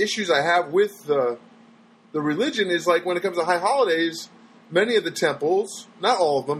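A man who does stand-up talks on his own in a loose, casual monologue. His voice sits a little high. He rambles, trails off and starts over. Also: a bit bright, slight background noise, rough recording. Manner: rambling and chatty, trailing off and restarting. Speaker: stand-up comedian.

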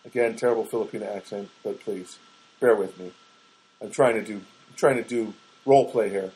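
A man's voice: lowish voice, moderate pace, darkish tone, low-quality recording. Rambling, exasperated male podcaster. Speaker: solo podcaster. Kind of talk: casual monologue. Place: small studio apartment, alone.

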